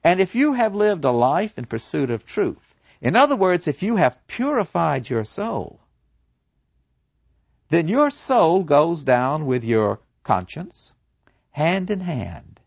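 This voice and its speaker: A man's voice: a little high, very animated, slow pace, gravelly, breathy edge, dry recording, muffled recording, exaggerated voice. Man doing Socrates, a serene old philosopher. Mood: earnest. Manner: earnest, preaching, acts out voices of souls. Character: serene old male philosopher awaiting execution. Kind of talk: dramatic storytelling.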